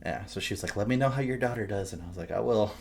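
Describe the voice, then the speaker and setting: A young man telling stories in casual podcast chat, swearing often and laughing loudly. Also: on the low side, rapid-fire, creaky, a little hiss or hum. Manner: profane, animated storytelling. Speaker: podcast co-host.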